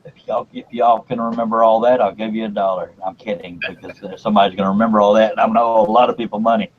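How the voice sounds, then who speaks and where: A man's voice: fairly low pitch, steady tone, rapid-fire, slight background noise. Chatty man hosting a lo-fi live stream. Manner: joking, laughing, chatty, uses "y'all". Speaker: host. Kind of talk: casual live-stream chat. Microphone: video call. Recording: dull lo-fi stream audio.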